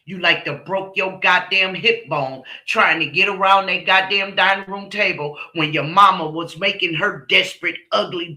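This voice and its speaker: A woman's voice: lowish voice, sharp tone, reverberant. A woman hosting a livestream, delivering heated, profane and scornful commentary. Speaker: channel host, commentator.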